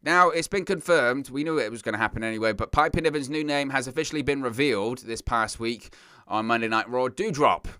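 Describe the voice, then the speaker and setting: A man's voice: mid-range voice, fairly quick, smooth, no echo, studio quality. A man hosting a wrestling news show, giving casual, exasperated and opinionated commentary. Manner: exasperated, ranting, animated.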